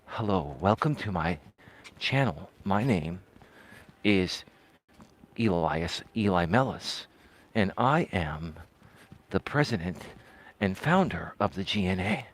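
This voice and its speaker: Whispered role-play: a man playing a soft male ASMR host, breathy, much lower and quieter than his own voice. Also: lively intonation, slow, long pauses, heavily acted. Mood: hushed. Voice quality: hushed, breathy murmur.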